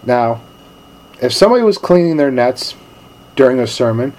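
A male pastor giving a sermon in a relaxed, storytelling manner with casual slang. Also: mid-range voice, normal speed.

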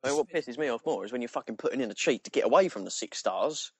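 A man's voice: medium pitch, quick pace, slightly rough, no room sound. A young man from southern England, cohosting a casual podcast chat, sweary and joking. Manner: sweary, joking, lively delivery. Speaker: podcast co-host.

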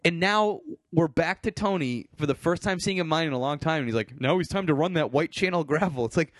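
A man's voice: a little high, fairly quick, no room sound. A man co-hosting a podcast in casual chat, incredulous and full of fillers and swearing. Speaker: podcast co-host.

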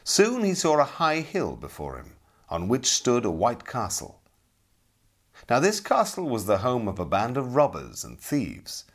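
A middle-aged man narrating a storybook in an expressive, dramatic way. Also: medium pitch, a little slow. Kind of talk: audiobook storytelling.

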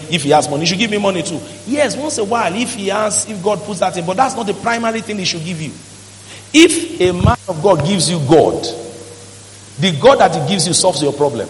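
A man's voice: high-pitched, a little hiss or hum. A male pastor, preaching emphatically and acting out quoted voices in a church hall. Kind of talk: sermon.

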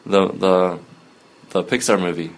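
A man's voice: low-pitched, fairly even intonation, measured pace. A young man co-hosting a podcast in casual chat, hesitant with many ums and easy giggles. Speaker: podcast co-host.

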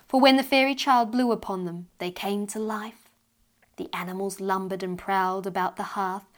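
A woman reading a children's storybook aloud with lively expression. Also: mid-range voice.

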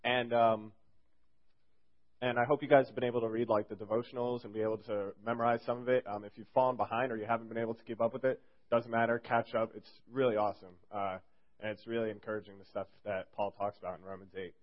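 A man's voice: mid-range voice, little pitch movement, quick pace. A young man giving a casual youth sermon as a fill-in speaker, rambling and joking with lots of fillers. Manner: rambling and jokey, heavy on fillers. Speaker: youth group speaker filling in. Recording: dull lo-fi recording.

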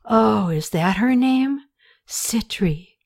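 A woman's voice: fairly high pitch, lively intonation, normal speed, darkish tone, voice pushed up. A woman reading the lines of an eager, smitten young man in an audiobook.

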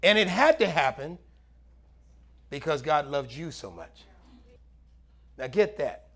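High-voiced animated preaching man. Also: slow pace. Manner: animated preaching, swinging between loud highs and low murmurs. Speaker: pastor. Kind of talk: sermon.

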